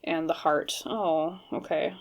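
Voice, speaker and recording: A woman with a lowish voice talks through a pick-a-card tarot reading to camera. Her delivery is hesitant and careful, with plenty of ums and restarts as she weighs each word. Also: steady tone, slow. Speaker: tarot reader.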